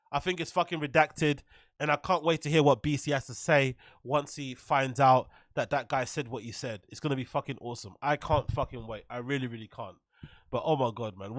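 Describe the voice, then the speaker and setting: A man's voice: on the high side, fairly bright tone, no echo, studio quality. A man hosting a livestream, ranting through commentary with lots of swearing and laughter. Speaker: livestream host.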